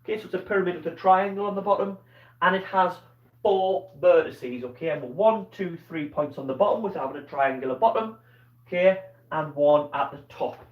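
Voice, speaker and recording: A man's voice: high voice, brisk. A man with a Scottish accent teaching a live online maths lesson, explaining patiently step by step and checking in with "okay?". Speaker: primary school teacher. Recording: dull, roomy sound from a distance.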